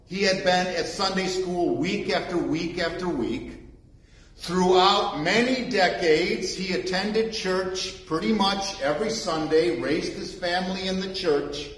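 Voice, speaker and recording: Slow, emphatic preaching man in an echoey church. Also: high-pitched, a bit bright. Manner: emphatic, repeats key phrases for weight. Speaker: pastor. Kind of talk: sermon with scripture reading. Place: church sanctuary.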